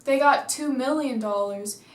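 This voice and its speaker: A woman's voice: sits high, measured pace. A woman casually reviewing a movie, rambling through the story with lots of "like," sitting at home. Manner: chatty, rambling retelling full of "like". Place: indoors at home, seated. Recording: echoey room.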